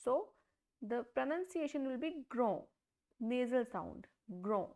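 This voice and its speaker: Woman, language teacher, deliberate, repeats words, gravelly voice. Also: sits high, lively intonation, warm tone. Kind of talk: slow step-by-step pronunciation lesson.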